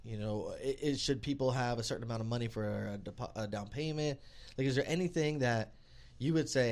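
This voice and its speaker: A man's voice: mid-range voice, fairly quick, darkish tone. A man hosting a podcast, asking questions and wrapping up the show in an upbeat way with lots of fillers. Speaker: podcast host.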